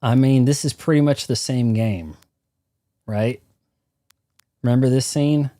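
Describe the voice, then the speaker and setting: A man's voice: medium pitch, a little slow, mellow, no echo, studio quality. A man ranting his opinions in loose, profane gameplay commentary on a live stream. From United States.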